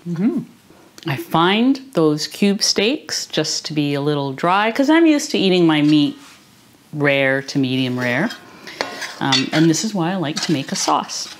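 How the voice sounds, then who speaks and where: A woman's voice: deep voice, a little slow, slight background noise. A woman chatting casually in her home kitchen as she tastes her cooking for a vlog. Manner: relaxed and chatty, tasting as she talks. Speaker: cooking vlogger. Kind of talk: casual cooking video chat. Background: clinking cutlery and dishes.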